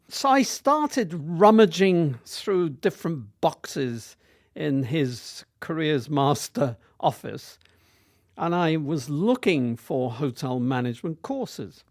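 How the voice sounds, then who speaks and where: In a dry, clean studio recording, a roughly 60-year-old hotel group chief executive from near Manchester, England, tells guest stories from his working life. He speaks slowly in a fairly high, animated voice, often stumbling over fillers and restarting.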